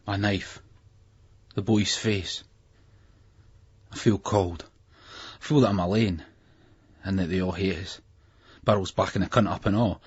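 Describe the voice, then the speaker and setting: A man reads a novel in the first person, gritty and raw. His voice is husky and low. The recording is muffled and lo-fi. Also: steady tone, a little slow, pauses often. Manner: gritty, raw delivery with heavy swearing. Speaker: audiobook narrator.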